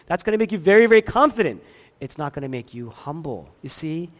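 A pastor preaching a sermon, swinging between loud emphatic lines and hushed ones, with chatty asides to the congregation. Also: male voice, on the high side, expressive, fairly quick.

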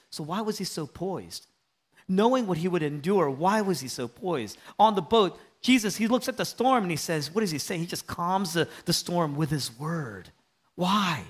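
Male pastor, lively sermon delivery with wide pitch swings, fairly high voice, dips into hushed near-whispers. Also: moderate pace. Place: church sanctuary.

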